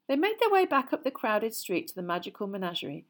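A woman narrating a children's fantasy story aloud in a measured, even way. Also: medium pitch.

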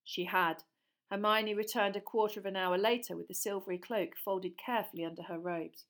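Casting: woman narrator, mid-pitched, measured and expressive for an audiobook. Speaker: audiobook reader.

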